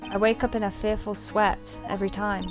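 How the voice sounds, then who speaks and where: Woman reading a haunted young male prosecutor, measured and grave, over game music. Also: medium pitch, little pitch movement, natural voice. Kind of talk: reading game dialogue aloud.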